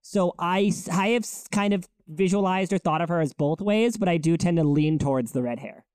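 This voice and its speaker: Animated man telling stories on a podcast. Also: fairly quick, clear, resonant tone, no room sound. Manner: animated storyteller, acts out quotes in a higher voice. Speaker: podcast co-host. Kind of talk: casual chat.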